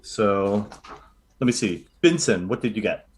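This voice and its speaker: A man narrating a tabletop role-playing game as game master, telling the story in a lively way with many fillers. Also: fairly low pitch, unhurried.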